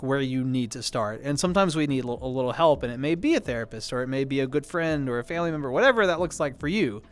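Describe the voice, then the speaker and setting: A man's voice: medium pitch, clear, resonant tone. A man hosting a casual livestream, answering chat in a rambling way, often correcting himself and apologizing. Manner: rambling, self-correcting, quick to apologize and laugh.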